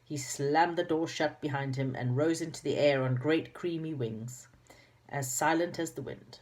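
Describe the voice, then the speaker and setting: A woman's voice: sits low, normal speed, a little mellow. A woman reading a children's book aloud, with chatty asides and small slips. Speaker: reader.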